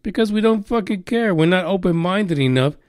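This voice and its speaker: Male podcast host, irreverent and profane, loose rambling delivery, slightly high pitch. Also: animated, a little fast, no echo, studio quality, soft background music. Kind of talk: casual news chat.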